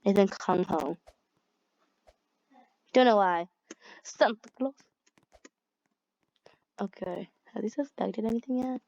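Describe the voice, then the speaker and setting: A woman's voice: mid-range voice, slow, creaky, pauses often, a little mellow, no room sound, highs cut off. A young woman giving casual, rambling commentary while playing a game, giggling often and using lots of fillers. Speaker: gamer.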